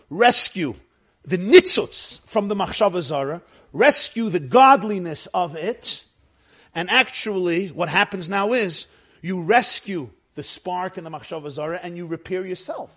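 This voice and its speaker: A man teaching a spiritual lecture to an audience, animated and emphatic, asking many rhetorical questions. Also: sits high, breathy edge. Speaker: religious teacher.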